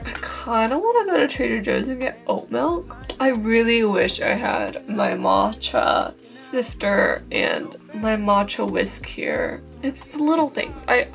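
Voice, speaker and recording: Soft-spoken young woman with a gravelly edge. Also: on the high side, huge pitch swings, measured pace, few pauses. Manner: soft-spoken, reflective, with frequent fillers like "like". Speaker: vlogger. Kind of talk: casual vlog narration and talking to camera. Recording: faint music underneath.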